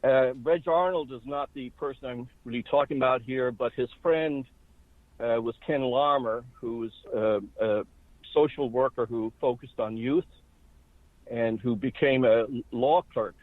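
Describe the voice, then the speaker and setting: A man in his sixties, from Ireland, tells his story over a tinny, dry phone line. His delivery is steady and even. The sound is narrow and boxy, with no room around it. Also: medium pitch, measured pace, no echo. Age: 60s. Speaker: interview guest. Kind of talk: recounting his life story. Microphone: telephone.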